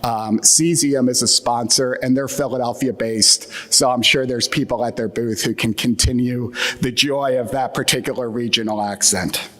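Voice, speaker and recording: A man's voice: mid-range voice, steady tone, moderate pace, a bit bright. Wry man with a Mid-Atlantic accent. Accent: Atlantic Midland American. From United States. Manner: wry, joking, with fillers. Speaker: keynote speaker. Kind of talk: conference keynote talk. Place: large conference hall. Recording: long hall reverb.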